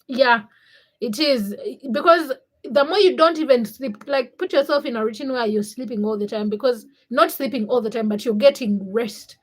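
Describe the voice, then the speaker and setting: Young woman livestream host from Africa, slightly high voice, easygoing and chatty with her viewers. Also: moderate pace, low-quality recording. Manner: chatty, greets viewers by name. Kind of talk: casual livestream chat reading comments.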